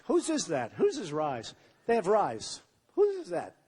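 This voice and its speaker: A man's voice: sits high, huge pitch swings, measured pace, mellow, breathy edge, long reverb tail. A man giving a campaign rally speech, rambling, repetitive and boastful. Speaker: presidential candidate. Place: large rally venue with crowd.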